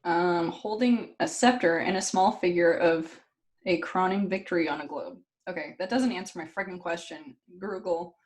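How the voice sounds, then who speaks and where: A woman with a somewhat low voice co-hosts a casual podcast. She tells stories in a lively, giggly way and swears freely. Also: moderate pace. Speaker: podcast co-host. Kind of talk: casual chat.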